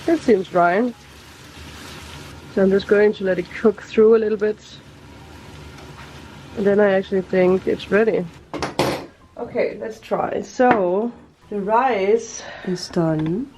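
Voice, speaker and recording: A woman's voice: mid-range voice, slow, pauses often, warm tone, slight background noise, low-quality recording. A woman vlogging casually as she cooks, chatting and thinking aloud as she goes. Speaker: cooking vlogger. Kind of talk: casual cooking vlog.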